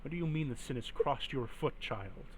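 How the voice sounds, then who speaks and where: A man's voice: medium pitch, lively intonation, moderate pace, slight background noise, close to an everyday voice. A man voicing a pompous old priest father who shifts from stern scolding into panicked shrieks.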